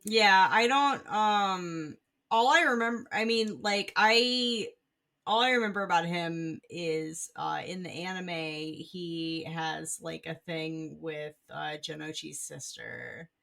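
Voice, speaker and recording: A woman's voice: on the low side, slow pace, creaky, fairly bright tone. A woman co-hosting a casual book club podcast, rambling with lots of fillers and restarts. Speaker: podcast co-host.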